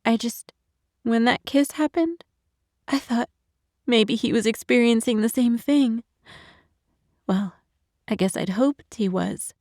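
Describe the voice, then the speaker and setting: A woman's voice: a little high, dry recording, clean studio sound, voice pushed up. Woman voicing a tearful heartbroken young woman. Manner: shaky, halting, soft-spoken. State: crying. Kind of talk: audiobook narration.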